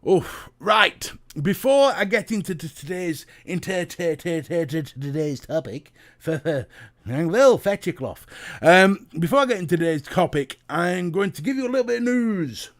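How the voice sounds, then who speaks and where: This British livestream host has a high, expressive voice and an unhurried delivery. He jokes around, reads viewer comments, and talks straight to his chat in a casual way.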